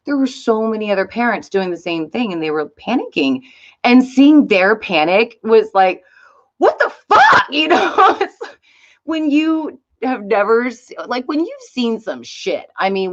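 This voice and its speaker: A middle-aged woman, telling a story in a casual vlog and swearing freely. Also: mid-range voice. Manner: chatty, swears freely, animated retelling. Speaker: YouTube host. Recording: slightly dull lo-fi sound.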